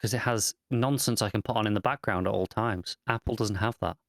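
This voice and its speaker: Quick-talking low-voiced male co-host. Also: no room sound, clean studio sound. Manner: quick, blunt and joking. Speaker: podcast co-host. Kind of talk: casual chat.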